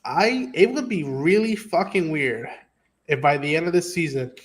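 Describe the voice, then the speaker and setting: A man's voice: a little high, moderate pace. A man hosting a casual review stream, talking animatedly with plenty of swearing. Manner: animated, profane, acts out quotes. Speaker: stream host. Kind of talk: casual spoiler review chat.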